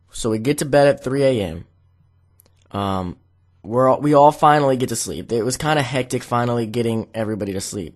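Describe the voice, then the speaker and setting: A young man vlogging to camera, telling a casual, rambling story full of "like" fillers. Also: medium pitch.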